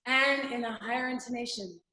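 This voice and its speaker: A woman as instructor leading a guided breathing and vocal exercise, giving calm step-by-step instructions between long sung vowel tones. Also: fairly high pitch, a little fast, a little hiss or hum. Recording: roomy echo.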